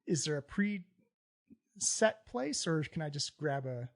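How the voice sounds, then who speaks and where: Guy doing a polite fire-skinned gent on a date, kinda awkward, slightly high voice. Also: sing-song, slow, creaky, exaggerated voice. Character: smoldering fire-skinned gentleman, polite and formal.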